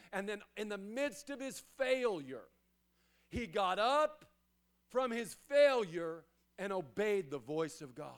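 A pastor with a notably high voice delivers a sermon. He presses his points through repetition and rises to loud, urgent exhortations. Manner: emphatic, repetitive preaching that swells to loud exhortations.

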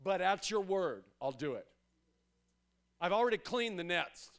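A tired, grudging fisherman mutters his frustration but agrees to obey, as a high-voiced preacher acts him out in a sermon. The voice sits high for a man. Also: sing-song, unhurried, heavily acted. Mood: weary resigned. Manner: tired, grudging inner monologue. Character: weary, frustrated grown fisherman who still obeys.

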